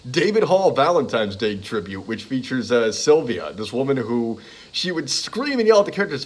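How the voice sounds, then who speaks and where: A man's voice: medium pitch, breathy edge. Man hesitantly listing tracks aloud. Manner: hesitant, many "uh" and "let's see". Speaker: comedy show fan. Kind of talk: casual spoken list.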